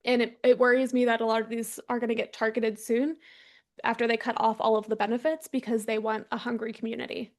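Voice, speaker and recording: A woman's voice: fairly high pitch, level tone, quick pace. A young adult woman from Texas, a congressional candidate, talking in a casual interview with frequent ums and restarts.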